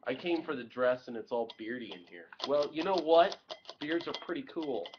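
A man's voice: mid-range voice, expressive, moderate pace. A man co-hosting a web stream, joking in casual banter and sometimes reading in a mock-formal way. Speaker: co-host. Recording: lo-fi stream audio with faint noise.

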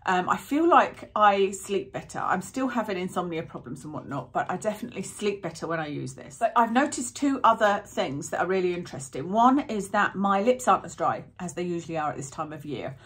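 Woman vlogger with a lowish voice, rambling and chatty while reviewing products. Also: expressive, fairly quick, few pauses, fairly bright tone. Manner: rambling, self-interrupting, chatty. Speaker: beauty vlogger.

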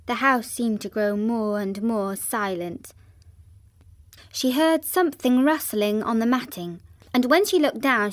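A woman narrating a children's classic in a gentle, even storytelling manner, with a synthetic sound. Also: on the high side.

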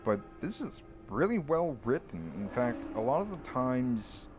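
A man reading a creepy horror story aloud in a slow, hushed, deliberate way. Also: mid-range voice, sing-song. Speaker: creepypasta narrator. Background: faint background music.

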